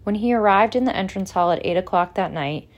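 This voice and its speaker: A woman narrating an audiobook in a measured, expressive way. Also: mid-range voice, muffled recording.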